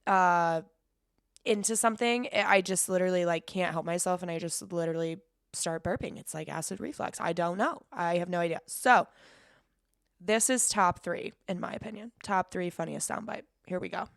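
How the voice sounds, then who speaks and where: A woman's voice: on the low side, no echo, studio quality. A young woman hosting a casual solo podcast, rambling, swearing freely and laughing as she talks. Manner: rambling, cursing, quick laughs. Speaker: podcast host.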